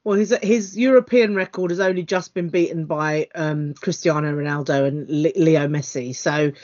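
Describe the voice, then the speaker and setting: A woman's voice: sits low, normal speed, a little mellow, lo-fi sound. A woman, co-hosting a football podcast and rambling with many fillers and hesitations. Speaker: podcast co-host. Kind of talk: casual football chat.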